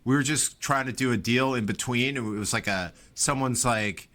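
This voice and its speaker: A man co-hosting a podcast in easy, casual talk. He tells stories with energy and jumps into the voices of the people in them. His pitch sits in the middle range. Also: moderate pace. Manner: animated storyteller, acts out quotes. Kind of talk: casual chat, storytelling.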